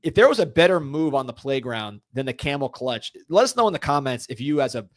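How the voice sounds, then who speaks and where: A man's voice: medium pitch, very animated, fairly quick, dry recording, clean studio sound. A man in his thirties co-hosting a casual sports podcast, talking in a joking, rambling way and laughing often. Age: 30s or older. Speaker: podcast co-host.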